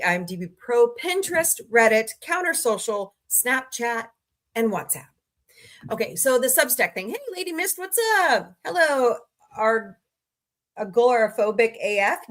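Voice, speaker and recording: A woman hosting a casual livestream, greeting viewers by name and listing her channels, tired and low on energy today. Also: bright, forceful tone. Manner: chatty, greets viewers by name, rattles off lists. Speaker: livestream host.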